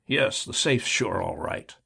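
A man voicing a slow-witted, nervous male night watchman who mutters in rough, ungrammatical speech. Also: sits low, animated, sharp tone, heavily acted. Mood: flustered relief.

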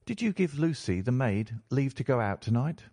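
A man's voice: mid-range voice, big pitch swings, normal speed, dark tone, breathy edge, dry recording. Man doing an anxious young lady, earnest and careful, dry close sound. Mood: concerned. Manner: earnest, concerned. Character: worried young woman of the household.

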